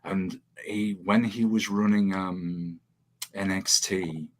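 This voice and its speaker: A man's voice: low-pitched, steady tone, slow. A man hosting a casual chat, rambling with many fillers and frequent laughter. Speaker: podcast host.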